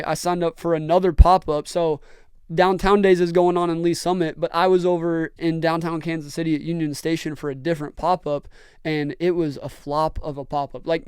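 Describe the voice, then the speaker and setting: A man's voice: fairly high pitch, clean tone, no room sound, clean studio sound. A young man, earnestly telling rambling stories as a podcast host. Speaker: podcast host and brand owner. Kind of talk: casual storytelling chat.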